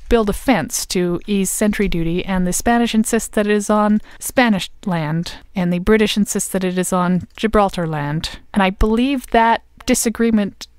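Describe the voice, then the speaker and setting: A woman's voice: medium pitch, normal speed, hardly any pauses, darkish tone, clean tone, dry recording, clean studio sound. A woman co-hosting a casual history podcast, explaining at length with plenty of ums and uhs. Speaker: podcast co-host.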